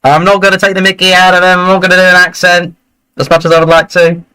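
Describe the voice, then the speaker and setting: A man hosting a live football watchalong, chatting and reacting excitedly to the play. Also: high voice, fast, smooth, rough recording. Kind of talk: live match commentary and chat.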